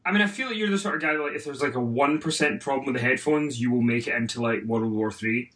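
A man's voice: mid-range voice, fast, a bit bright, recorded from a distance. A tired man co-hosting a podcast in casual banter, dry and teasing. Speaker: podcast co-host.

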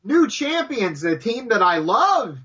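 Excitable, bright-voiced man on a lo-fi mic. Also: high voice, slow pace, husky. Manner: animated, shouts when retelling his reactions. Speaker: podcast co-host. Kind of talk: excited casual wrestling chat.

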